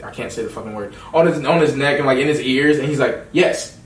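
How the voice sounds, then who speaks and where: A young man co-hosting a casual podcast chat about a film, excitable and slangy, often laughing as he recounts scenes. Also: mid-range voice, quick pace. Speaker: podcast co-host. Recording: echoey room, mic far off, faint noise.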